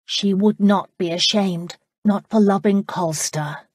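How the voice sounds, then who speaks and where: A woman reading a historical romance audiobook in calm, even scripted narration. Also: mid-range voice, slow pace, husky, dry recording, clean studio sound.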